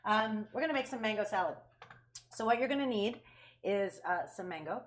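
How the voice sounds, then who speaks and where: Playful female co-host, casual recipe talk, mid-pitched. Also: animated, brisk, slight background noise. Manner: chatty, playful. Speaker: co-host of a cooking and drinks show. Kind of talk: casual show chat, cooking how-to.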